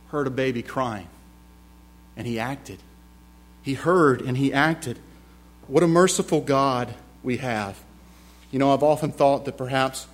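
A man preaching a sermon, slowing down for emphasis and moving between hushed passages and loud, emphatic climaxes. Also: mid-range voice. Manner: slows down for emphasis, with restarts.

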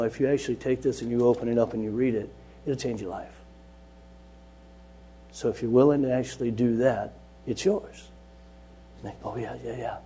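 A man who leads Bible study at a juvenile center, giving an earnest personal testimony that moves between quiet and loud, lively telling. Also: mid-range voice, a little hiss or hum. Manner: earnest storytelling, swings from soft to loud and lively.

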